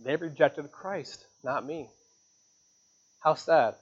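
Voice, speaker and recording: A man delivers an earnest sermon in a church, his voice sitting a little high for a man. He swings up in pitch and volume to drive home his key points. The recording sounds dull and lo-fi. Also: slow, husky. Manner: earnest preaching, pitch and volume rising on emphatic lines. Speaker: pastor.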